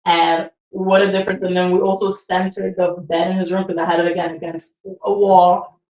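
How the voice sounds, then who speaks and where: A chatty woman in her thirties with a fairly low voice, co-hosting a casual podcast. She swears freely and laughs easily. The sound is roomy and she sits back from the mic. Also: darkish tone, distant mic. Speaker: podcast co-host. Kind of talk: casual chat.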